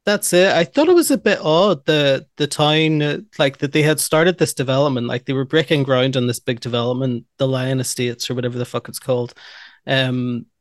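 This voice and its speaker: A man's voice: mid-range voice, normal speed, no echo, studio quality. A man co-hosting a podcast, chatting casually about a movie, laughing and jumping in with favorite lines. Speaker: podcast co-host. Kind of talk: casual movie recap chat.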